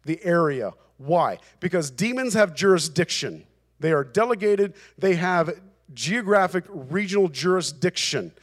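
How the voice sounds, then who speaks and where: A man's voice: sits high, expressive, a little slow. A male pastor preaching a sermon, emphatic and repeating phrases for emphasis.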